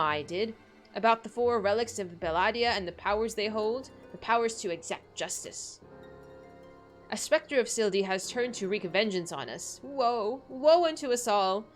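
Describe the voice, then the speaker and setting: A woman voicing a grieving old woman who tells dark legends in a theatrical, wailing way. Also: a little high, lightly acted. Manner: theatrical, wailing, archaic storytelling. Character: grieving old woman, dramatic and doom-crying.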